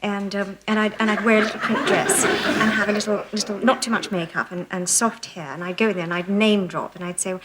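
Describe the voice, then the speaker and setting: A woman's voice: mid-range voice, fairly even intonation, noisy background. A woman in her thirties with an Australian accent, a talk show guest telling comic anecdotes with lots of laughter. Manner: cheeky, laughing, quick storytelling.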